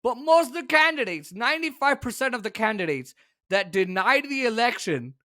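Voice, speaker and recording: A man hosting a political commentary show, talking in an opinionated, sarcastic and exasperated way, with sudden shouted bursts. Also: extremely high pitch, sing-song, normal speed.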